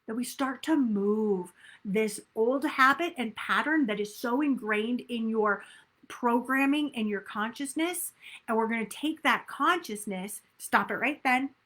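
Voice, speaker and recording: Upbeat, bright-voiced woman coach. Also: a little high, measured pace. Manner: upbeat, emphatic, acts out inner self-talk. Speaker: weight loss coach. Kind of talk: motivational coaching talk.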